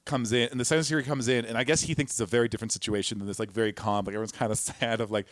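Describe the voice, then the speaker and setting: A man's voice: medium pitch, steady tone, very fast, no echo, clean studio sound. A man telling a long story in casual podcast chat, rambling with lots of fillers and restarts. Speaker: podcast co-host.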